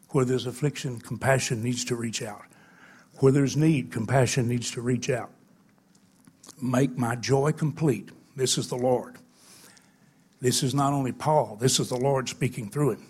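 An older man preaching a sermon, telling emotional stories that swing between loud, stretched words and hushed, quiet passages. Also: medium pitch, moderate pace, breathy edge.

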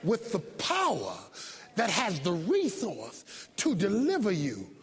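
A male preacher delivering a sermon, shouting his points with emphasis, then dropping to soft low asides, acting out sounds and asking rhetorical questions. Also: wildly swooping pitch, slow pace, breathy edge, big-room sound.

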